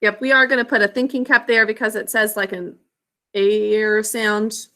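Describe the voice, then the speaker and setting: A woman teacher leading a phonics and spelling lesson, stretching words out slowly and prompting the class to repeat after her. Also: fairly high pitch, pushed and bright. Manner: slow, drawn-out enunciation of words and sounds; call-and-response prompting.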